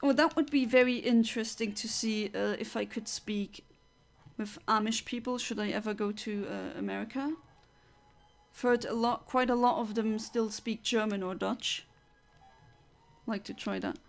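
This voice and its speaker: A woman's voice: on the high side, fairly even intonation, normal speed, gravelly, soft background music. A woman from Luxembourg, chatting casually as a streamer and reading out viewer comments, reflective with frequent fillers and restarts.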